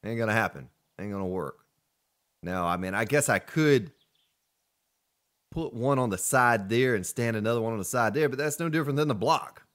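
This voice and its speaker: A man's voice: mid-range voice, expressive, normal speed, a bit bright. A man hosting a let's play, chatting casually in a folksy, playful way while he plays. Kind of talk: casual gameplay commentary.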